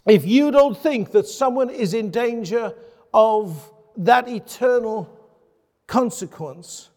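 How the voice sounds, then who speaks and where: A male pastor delivers a sermon in a high, carrying voice, earnest and emphatic. He leans on rhetorical questions to press his points home to the congregation. The sound rings with a long reverb, as in a large church hall. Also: takes it slowly, a little mellow.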